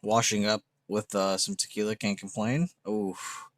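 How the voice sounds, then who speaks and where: Laid-back low-voiced man hosting a livestream. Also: flat delivery, unhurried, a bit bright, dry recording. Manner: loose, joking, swears casually, laughs at his own jokes. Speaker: livestream host. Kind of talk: casual livestream chat reading viewer comments.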